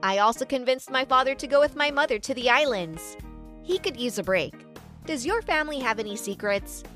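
A young woman reading a first-person story aloud in a steady storytelling manner, dropping her voice low for suspense. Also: a little fast, faint music behind. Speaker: narrator.

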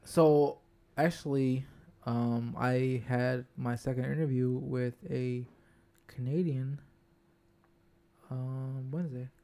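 A man's voice: medium pitch, fairly even intonation, slow, creaky, pauses often, warm tone. A man hosting a casual podcast chat, joking around and often searching for his words. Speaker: podcast host.

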